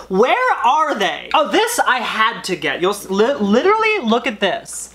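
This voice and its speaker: A man's voice: very high voice, big pitch swings, sharp tone. Rambling, sarcastic young man vlogging. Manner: rambling, sarcastic, rapid asides and put-on voices. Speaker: YouTuber. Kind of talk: comedic vlog monologue.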